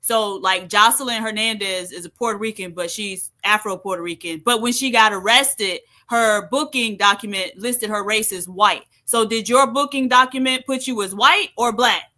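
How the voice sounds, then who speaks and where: A woman's voice: mid-range voice, normal speed, hardly any pauses, bright, forceful tone. A woman co-hosting a casual podcast, chatting and putting questions to the panel. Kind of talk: casual chat.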